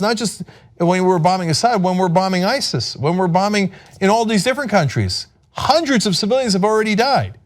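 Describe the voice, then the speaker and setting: Man, sarcastic political commentary, somewhat high voice, mocking, rhetorical questions. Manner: mocking, exasperated, reads quotes aloud; rhetorical questions, lively pitch swings.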